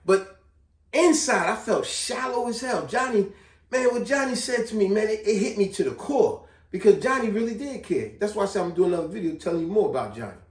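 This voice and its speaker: A man vlogging, telling a personal story in a casual, slangy, animated way. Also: high voice, a little fast. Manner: animated, slangy, repeats himself. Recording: echoey room, distant mic.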